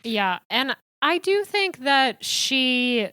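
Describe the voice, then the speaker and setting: A woman co-hosts a film podcast in easygoing chat. Her voice is animated and moves freely up and down. The recording is dry and close. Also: high-pitched, very slow, clean tone, no room sound. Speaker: podcast co-host. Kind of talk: casual film discussion.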